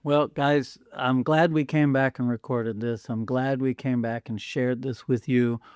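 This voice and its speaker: A man's voice: mid-range voice, fairly even intonation, a little slow, a little mellow, clear, resonant tone, no echo. A man hosting a podcast, sincere and close to tears as he talks. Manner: emotional, sincere, near tears. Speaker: podcast host. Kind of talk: casual podcast chat.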